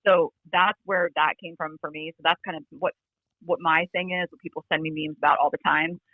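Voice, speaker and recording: A woman chatting as a podcast guest over a remote call, talking quickly with lots of "like" fillers and a fry in her voice. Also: low-pitched, steady tone, no echo. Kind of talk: casual chat. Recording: phone-like remote line.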